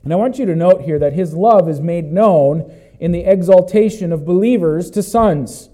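A man preaching a sermon as pastor, walking through a Bible passage and breaking into loud exclamations. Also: sits high, moderate pace.

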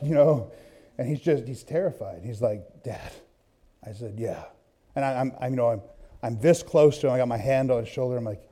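Animated male preacher, warm low tone. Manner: animated, swinging from hushed to loud. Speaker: pastor. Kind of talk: sermon with storytelling.

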